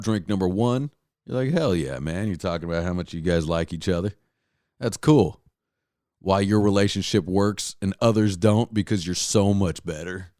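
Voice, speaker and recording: Podcast host, male, lowish voice, blunt profane rambler with lots of restarts, close dry mic. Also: darkish tone, no echo. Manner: blunt, exasperated storytelling. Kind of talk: solo comedic rant.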